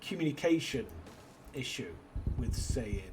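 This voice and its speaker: A British man chats his way through a let's-play. He drifts between stories and quiet asides to himself, in a voice of middling pitch with a faint hiss of noise under it. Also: expressive, unhurried. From Britain. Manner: rambling, muttering to himself between anecdotes. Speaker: gaming channel host. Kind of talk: casual let's-play commentary.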